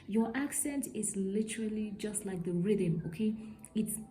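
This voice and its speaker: A woman's voice: medium pitch, measured pace, mellow, faint music behind, low-quality recording. A woman teaching English pronunciation straight to the viewer, emphatic and often checking in with "okay?". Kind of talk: talking-to-camera lesson.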